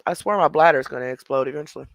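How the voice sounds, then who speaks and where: A man's voice: fairly high pitch, very fast, fairly bright tone, no echo. A man hosting a livestream, chatting casually with viewers and laughing often. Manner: chatty, laughing, responding to chat. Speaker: livestream host.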